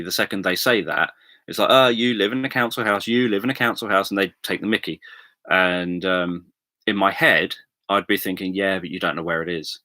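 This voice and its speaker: A man's voice: deep voice, pushed and bright, dry recording. Guy rambling on his livestream, lots of ums, dry close sound. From England. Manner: rambling, halting, with many ums and self-corrections. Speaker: livestream host. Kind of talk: casual chat with viewers.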